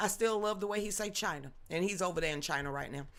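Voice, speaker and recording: A woman's voice: lowish voice, quick pace, a bit bright. A woman in her fifties hosting a news commentary livestream, reading chat and ranting emphatically in a rambling way.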